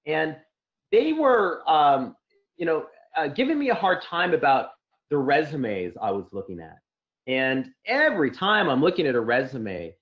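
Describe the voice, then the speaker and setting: A man telling a long personal account as an interview guest, rambling with many fillers and restarts. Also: on the high side. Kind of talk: casual spoken account. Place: Santa Clara area. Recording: dull lo-fi audio.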